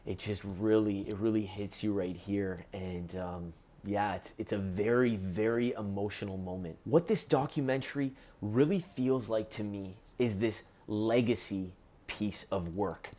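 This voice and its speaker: Earnest low-voiced man. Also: a little slow, a little mellow. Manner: earnest, heartfelt, gets choked up. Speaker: musician reviewing a documentary. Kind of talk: casual talk to camera.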